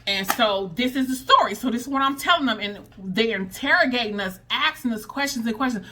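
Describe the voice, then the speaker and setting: A woman vlogger telling a personal story in a casual, animated, dramatic way, full of slang. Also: a little high, brisk.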